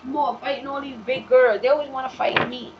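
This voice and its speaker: A talk show host delivers a casual monologue as a blunt, profane storyteller. Her voice is high-pitched, steady, and fairly quick, and the recording is dull and slightly lo-fi with faint hiss.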